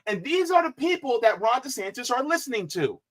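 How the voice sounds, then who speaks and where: A man's voice: extremely high pitch, big pitch swings, fairly quick, a bit bright. A man giving mocking, sarcastic reaction commentary, leaning hard on key words.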